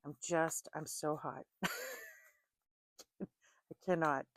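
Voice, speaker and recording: A woman's voice: low voice, extremely slow, no room sound. A woman in casual chat who reads tarot cards, talking chattily and laughing often between remarks. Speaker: tarot reader.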